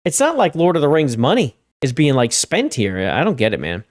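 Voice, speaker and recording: A male streamer riffs through gaming news in a loose, conversational way. He fills his talk with casual fillers and greets his chat directly. His voice moves around a lot in pitch, keeping it lively. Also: fairly quick. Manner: talks to chat viewers directly. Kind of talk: casual live-stream commentary.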